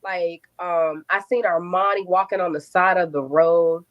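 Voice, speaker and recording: A young adult woman telling her own story in an interview, animated, acting out quotes and swearing freely. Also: fairly low pitch, measured pace, highs cut off.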